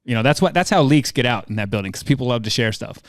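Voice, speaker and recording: A man's voice: medium pitch, fast, no room sound, clean studio sound. A man in his forties, a former mascot performer, telling stories as a podcast guest and acting out the dialogue he quotes. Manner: animated storyteller who acts out quoted dialogue. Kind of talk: casual interview storytelling.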